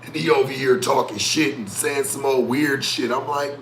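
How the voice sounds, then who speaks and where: A man rants to his stream, profane and mocking, and tells the story with a lot of animation. His voice is bright and forceful. He records in an echoey room with a faint hum of ambience. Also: mid-range voice, steady tone, normal speed. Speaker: streamer and talk show host. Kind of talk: casual rant to live stream chat.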